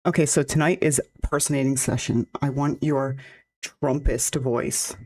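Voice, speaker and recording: A woman with a naturally deep voice, chatting casually on a live stream, rambling with lots of fillers and frequent laughs. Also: steady tone, a little fast, a little mellow. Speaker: VTuber streamer.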